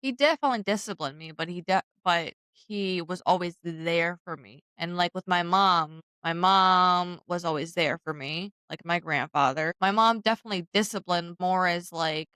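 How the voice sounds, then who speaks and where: A woman's voice: fairly low pitch, moderate pace, few pauses, bright, forceful tone, clean tone, dry recording. A woman in her thirties co-hosting a casual chat, speaking candidly and reflectively, with many fillers. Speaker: co-host.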